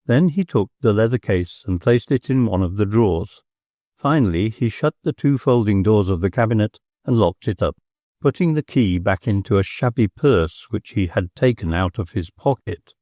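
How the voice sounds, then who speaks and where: A man narrating an audiobook in a measured, expressive storytelling manner on a close mic. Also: fairly low pitch, no room sound. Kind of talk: scripted narration.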